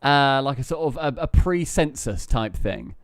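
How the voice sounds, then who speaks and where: A man hosting a podcast, relaxed and chuckling as he runs a quiz segment with a guest. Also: mid-range voice, moderate pace, no echo, studio quality. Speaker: podcast host.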